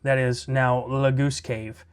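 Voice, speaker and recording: A man's voice: mid-range voice, level tone, takes it slowly, smooth. A man hosting a Minecraft let's play, giving casual, laid-back commentary and thinking aloud as he plays.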